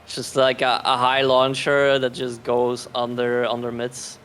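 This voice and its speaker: A man's voice: medium pitch, completely flat delivery, a little slow, a bit bright, slight background noise. A man commentating a fighting game tournament in a casual, rambling way, often sarcastic and laughing.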